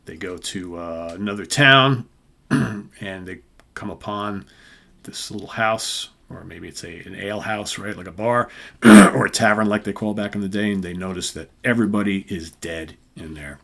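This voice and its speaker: A middle-aged man with a fairly low voice hosts a relaxed comic book review. He talks in a loose, chatty way, often ending a remark with "right?", and reads captions aloud plainly. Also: moderate pace, vocal fry. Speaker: host.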